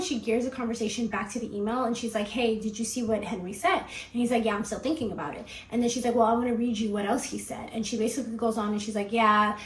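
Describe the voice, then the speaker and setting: A woman's voice: on the high side, reverberant, poor audio. A woman host retelling a story in casual commentary, chatty and peppered with "like" as she acts out what people said.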